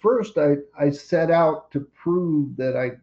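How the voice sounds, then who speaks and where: A man's voice: fairly high pitch, takes it slowly, darkish tone, muffled recording, soft background music. An older man wryly telling his daughter a personal story over a computer call. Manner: wry, plainspoken storytelling.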